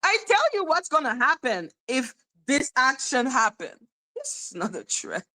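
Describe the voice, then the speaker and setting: A woman's voice: high voice, sing-song, unhurried, bright, forceful tone. A woman hosting a casual livestream, profane and taunting as she talks to her chat. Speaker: livestream host.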